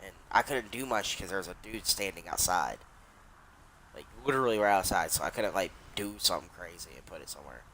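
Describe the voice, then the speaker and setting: A man's voice: deep voice, animated, a little fast, sharp tone. A young adult man casually telling a long story while he streams a game, rambling and swearing, with many restarts.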